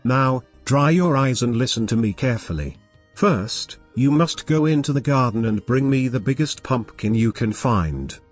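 Fairy godmother, read by a man, kindly, gentle, soothing, storybook figure, mid-pitched. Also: animated, moderate pace, faint music behind, lightly acted.

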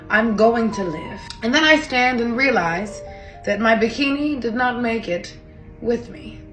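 Young woman, vlog storytime, animated self-mocking delivery, echoey room, faint music underneath. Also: on the high side. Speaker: vlogger. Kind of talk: comedic storytime while doing makeup.

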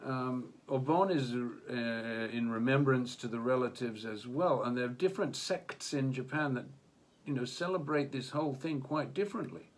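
A man's voice: mid-range voice, moderate pace. A man co-hosting a casual talk on religion, speaking hesitantly with many restarts and fillers. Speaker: co-host of religion discussion. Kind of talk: casual discussion. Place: Japan.

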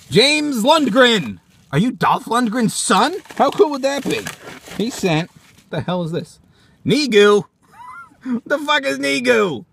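Excitable, high-voiced man with a bright tone. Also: normal speed, vocal fry, slightly rough. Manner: excitable, profane, joking. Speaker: toy show host. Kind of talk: casual fan-mail vlog.

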